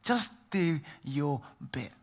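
A middle-aged pastor preaches a sermon at a slow pace, his voice a little high and animated. He tells stories and acts out the voices of the people in them.

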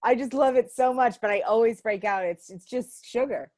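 Lively woman guest, candid and jokey. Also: on the high side, normal speed, no room sound. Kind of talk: casual interview chat.

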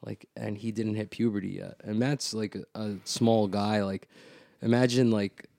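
A man's voice: fairly low pitch, normal speed, vocal fry, no room sound, studio quality. A man telling a story in a casual podcast chat, leaning hard on "like" and swearing freely, often acting out what others said. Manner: animated storyteller, heavy "like", frequent swearing.

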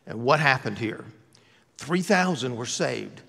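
A pastor preaching a sermon in a conversational, joking way, with playful asides. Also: male voice, medium pitch, expressive, unhurried, gravelly, sharp tone, big-room sound.

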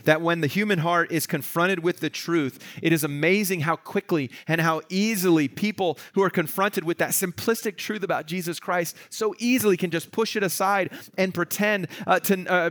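A man's voice: high voice, dry recording, clean studio sound. A male pastor preaching a sermon, explaining a scripture passage and acting out its dialogue in different voices. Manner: animated, acts out the dialogue of a reading in voices.

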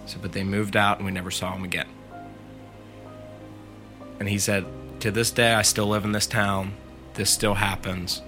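A man's voice: fairly low pitch, little pitch movement, normal speed, long pauses, pushed and bright, faint music behind. A man casually retelling a story to friends on a podcast, filling it with "like" and "he said". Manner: chatty, leans on "like" and "he said" while retelling. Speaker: podcast co-host telling a story.

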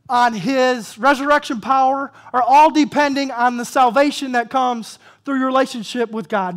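High-voiced emphatic preacher. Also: normal speed, hardly any pauses. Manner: asks the congregation questions, calls for amen; emphatic, repeats key phrases. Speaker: pastor. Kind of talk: sermon.

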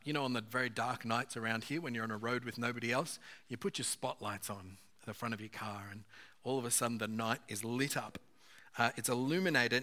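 A man's voice: mid-range voice, bright, forceful tone. Earnest man preaching a conversational sermon. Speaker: pastor.

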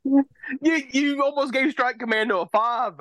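A man's voice: very high-pitched, fairly even intonation, normal speed, pushed and bright, a little hiss or hum. A man co-hosting a casual podcast chat, talking loosely and profanely with fillers and restarts. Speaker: podcast co-host. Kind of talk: casual chat about cult horror films.

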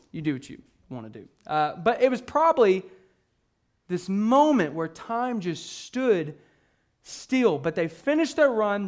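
High-voiced man preaching a sermon. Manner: conversational preaching with frequent restarts and fillers; acts out the disciples' excited questions. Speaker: pastor.

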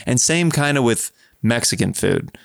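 A man's voice: mid-range voice, animated, moderate pace, gravelly, dry recording, clean studio sound. A man chatting casually as a podcast co-host, easygoing and rambling. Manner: easygoing, rambling, many likes and restarts. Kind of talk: casual chat.

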